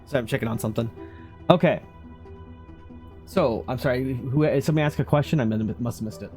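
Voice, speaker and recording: A man serving as game master for a tabletop game, narrating between frequent fillers. His voice sits at an ordinary middle pitch, with faint music behind him. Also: a little fast, darkish tone. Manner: hesitant, many fillers.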